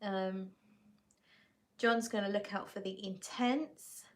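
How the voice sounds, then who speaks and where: A woman's voice: medium pitch, fairly even intonation, slow pace. A woman hosting a casual livestream, reading out viewer comments and talking about perfumes. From England. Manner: chatty, reads viewer comments aloud and answers them. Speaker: livestream host reviewing perfumes. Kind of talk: casual live chat.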